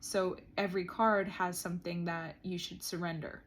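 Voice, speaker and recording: A woman's voice: on the low side, flat delivery, moderate pace. A woman vlogger sitting on the floor and talking through her thoughts in a reflective diary monologue. She is earnest and says "like" often. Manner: earnest, frequent "like" fillers. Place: indoors, seated on the floor.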